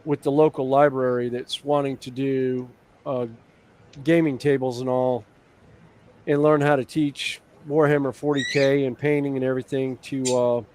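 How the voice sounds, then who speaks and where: A man's voice: medium pitch, little pitch movement, moderate pace, a little mellow. Rambling man in casual chat. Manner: rambling, filler-heavy storytelling.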